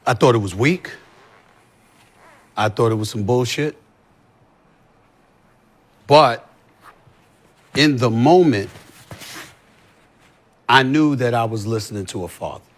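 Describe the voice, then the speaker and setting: A sports commentator appears as a guest in a heated, profane podcast conversation, emphatically hammering his points again and again. His mid-range voice is expressive and slow, with frequent pauses.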